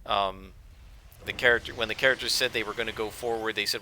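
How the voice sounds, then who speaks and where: A man's voice: fairly low pitch, fairly even intonation, quick pace, sharp tone, slight background noise. A man casually chatting while playing a game, rambling with lots of fillers. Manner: rambling, conversational, with frequent fillers. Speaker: let's play gamer.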